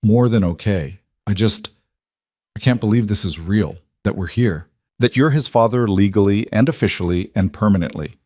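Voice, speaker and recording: A man voicing a tender, anxious young mother who speaks softly and hesitantly in a narrated romance story. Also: lowish voice, moderate pace, dry recording, studio quality, natural voice. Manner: soft, emotional, hesitant.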